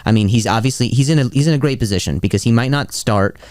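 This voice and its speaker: A man co-hosting a casual sports podcast, fired up and walking through numbers. His voice is smooth and resonant, recorded close and dry with no room sound. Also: medium pitch, fast, no room sound. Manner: excitable, repeats catchphrases, walks through stats. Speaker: podcast co-host.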